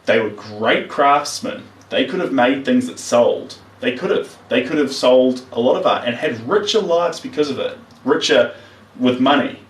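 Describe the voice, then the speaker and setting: A man's voice: mid-range voice, moderate pace, far from the mic. Chatty Kiwi man in roomy studio. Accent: New Zealand. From New Zealand. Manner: chatty, talks to viewers, trails off while working. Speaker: artist streaming live. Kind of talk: casual live-stream chat while painting. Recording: roomy, mic set back from speaker.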